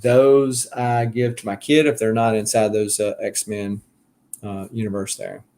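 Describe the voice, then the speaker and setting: A collector channel host with a Southern US accent rambles through a casual live stream, answering viewer comments with many fillers and restarts. His lowish, mellow voice has a flat delivery and a measured pace.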